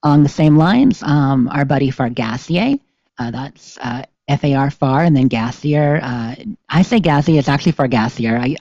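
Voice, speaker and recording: Chatty, rambling podcast co-host, mellow tone. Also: mid-range voice, lively intonation, normal speed, no room sound. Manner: chatty, rambling, frequent ums and laughs. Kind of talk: casual podcast chat. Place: home streaming setup. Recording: slightly dull sound.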